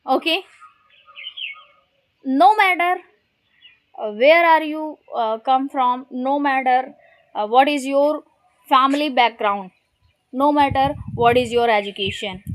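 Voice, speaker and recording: Hindi-native woman vlogger, unhurried delivery, stops and restarts often, encouraging tone, recorded outside. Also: sits high, rough recording. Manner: hesitant, repeats words, encouraging. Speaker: vlogger teaching English. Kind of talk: casual motivational vlog. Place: outdoors in a village.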